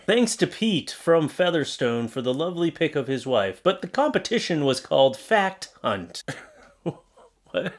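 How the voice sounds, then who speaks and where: A man's voice: mid-range voice, sing-song, moderate pace, fairly bright tone. A young adult man hosting a comedy commentary show, reacting to posts in a sarcastic, exasperated way and slipping into mock voices.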